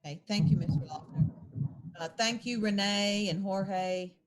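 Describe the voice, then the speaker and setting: A woman chairing a school board meeting as its president, talking haltingly with many fillers. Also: mid-range voice.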